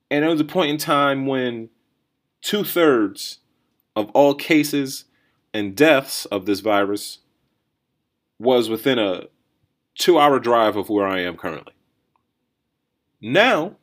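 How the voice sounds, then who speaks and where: A man hosting a solo podcast, riffing in a rambling, think-out-loud way with lots of restarts and "right?" tags. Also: medium pitch. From New Jersey or New York area, USA. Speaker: podcast host. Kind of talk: casual solo commentary.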